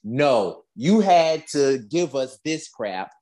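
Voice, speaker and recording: Woman podcast co-host, low voice, very animated and emphatic, casual chat. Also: slow. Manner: animated, emphatic, exasperated storytelling.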